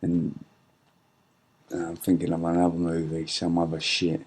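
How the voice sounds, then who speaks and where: Low-pitched man, middle-aged, angry profane rant, rambling restarts. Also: completely flat delivery, normal speed, slightly rough. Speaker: podcast host. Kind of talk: ranting monologue.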